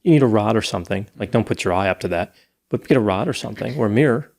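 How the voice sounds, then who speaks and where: A man's voice: on the low side, expressive, very fast, darkish tone. A man hosting a casual true-crime discussion, telling a case story at length. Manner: storytelling, recounting details at length. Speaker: podcast host.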